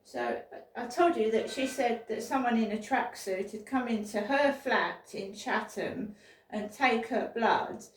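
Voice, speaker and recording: A woman's voice: a little high, a little slow. Rambling woman, roomy distant sound. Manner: rambling, repeats words and restarts. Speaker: vlogger. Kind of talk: casual spoken diary. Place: indoors at home.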